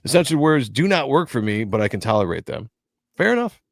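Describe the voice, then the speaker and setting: A man co-hosting a casual comic book review show, jokey and animated, often acting out dialogue from the pages. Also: medium pitch, brisk, gravelly, no room sound, clean studio sound. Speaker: podcast co-host.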